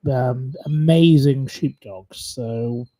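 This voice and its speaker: Slow-talking man hosting a home quiz. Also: medium pitch, mellow, rough recording. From northwest England. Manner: rambling, chatty, with many fillers. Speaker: livestream host running a quiz. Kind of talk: casual live quiz chat.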